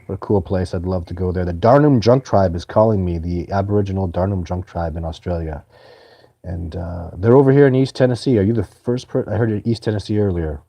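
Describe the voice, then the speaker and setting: A man's voice: low-pitched, brisk, vocal fry, warm tone, dry recording. A man hosting a live stream, answering viewer questions in a casual, earnest and rambling way. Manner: earnest, rambling, many restarts.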